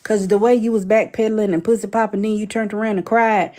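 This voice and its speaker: A woman's voice: mid-range voice, steady tone, mellow. A woman hosting a live stream, chatting casually and teasing her viewers. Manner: chatty, teasing, drawn-out asides.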